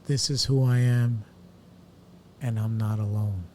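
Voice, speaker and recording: Podcast host guy, mid pitch voice, short supportive lines, faint hiss. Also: steady tone, measured pace, darkish tone. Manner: brief supportive interjections. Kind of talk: casual interview chat.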